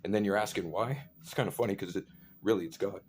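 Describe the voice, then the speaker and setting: Profane rambling man, low voice. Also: fast, a little mellow, a little hiss or hum. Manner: profane, rambling, full of fillers. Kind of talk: rambling rant monologue.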